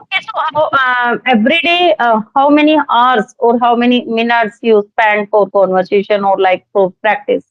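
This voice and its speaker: A woman's voice: a little high, moderate pace, no echo, dull audio. A young woman from Haryana with an Indian accent, an English teacher talking earnestly and hesitantly with many fillers on a practice call. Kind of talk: casual conversation practice call. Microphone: video call.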